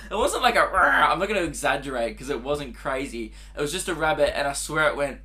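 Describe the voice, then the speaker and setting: A young man talks alone into his podcast mic, rambling and giggling through crude stories. His voice sits a little high for a man and rings bright and forceful. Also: lively intonation, a little fast. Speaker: podcast host. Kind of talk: casual solo podcast monologue.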